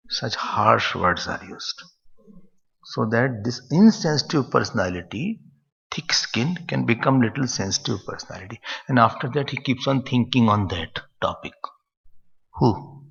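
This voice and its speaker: A man giving a spiritual discourse, his voice gravelly and swinging widely in pitch. He talks in an animated way. The recording is muffled and carries a long hall echo. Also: a little slow. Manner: animated, acts out quoted scoldings, chuckles at his own jokes. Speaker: swami, spiritual teacher.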